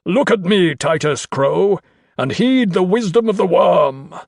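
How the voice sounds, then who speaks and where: A man's voice: very high-pitched, lively intonation, very slow, a little mellow, no echo, studio quality, voice pushed up, exaggerated voice. A man voicing a frantic male cult wizard who shrieks commands in a gurgling, glutinous voice. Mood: commanding.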